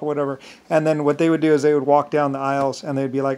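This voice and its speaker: Rambling, boastful man, fairly high voice. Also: level tone, darkish tone. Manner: halting, many restarts and fillers; boastful, grandiose. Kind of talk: rambling monologue.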